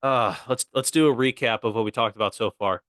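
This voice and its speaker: A man's voice: mid-range voice, fast talker, fairly bright tone, dry recording, studio quality. A young American man co-hosting a casual comedy podcast, playful and joking. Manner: joking, playful, fond of silly voices. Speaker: podcast co-host.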